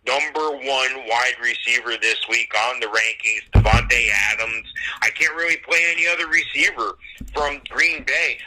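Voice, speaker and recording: A man with a mid-pitched, very sharp and tense voice hosts a fantasy football radio segment. He goes steadily through player rankings and picks. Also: low-quality recording. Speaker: host.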